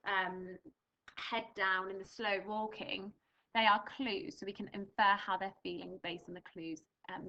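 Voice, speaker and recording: A woman's voice: medium pitch, bright, forceful tone, lo-fi sound, a little hiss or hum. A young English woman teaching a primary school reading lesson, patiently explaining words and reading a storybook aloud with expression. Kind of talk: recorded remote reading lesson.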